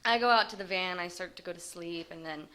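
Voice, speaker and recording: A woman telling her life story in a personal testimony, halting and hesitant with frequent pauses. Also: on the low side, sharp tone, a little hiss or hum. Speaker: recovery group member sharing her story.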